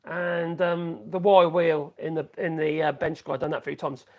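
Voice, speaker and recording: A man's voice: fairly high pitch, flat delivery, moderate pace, darkish tone. A man talks casually through a woodworking live stream. He rambles, stops to correct himself, and hums little tunes between thoughts. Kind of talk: casual live-stream chat while working.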